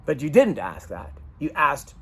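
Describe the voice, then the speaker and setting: A man's voice: fairly high pitch, huge pitch swings, unhurried, pushed and bright, breathy edge. A man venting raw emotion in a rambling personal vlog monologue. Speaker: vlogger.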